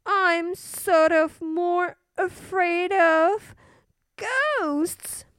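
A frightened little princess girl in a storybook, as a woman storyteller puts her on. The voice is very high and childlike, slow and pleading. The sound is dry and close. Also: a bit bright, dry recording, full character voice. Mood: fretful.

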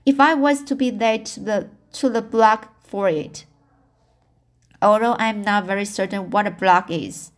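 A woman's voice: mid-range voice, measured pace, lightly acted. A woman reading the part of an imaginative, talkative young girl in an audiobook, earnest and pleading. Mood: solemn.

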